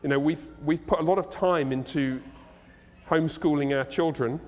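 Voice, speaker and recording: A man's voice: a little high, moderate pace, a little mellow, close to an everyday voice. A preacher playing a prim male churchgoer who voices polite, hesitant worries. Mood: fretful. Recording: echoey hall.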